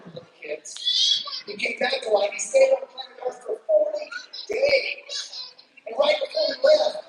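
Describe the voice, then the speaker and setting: A woman giving a playful, joking children's church talk with gospel magic tricks, chatting with the congregation. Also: mid-range voice. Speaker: guest speaker doing gospel magic tricks. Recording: echoey hall from far off, background noise.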